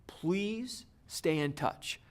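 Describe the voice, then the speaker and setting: A male drum teacher explains a video lesson step by step. His tone stays encouraging throughout. His voice sits a bit on the high side for a man. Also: lively intonation, extremely slow.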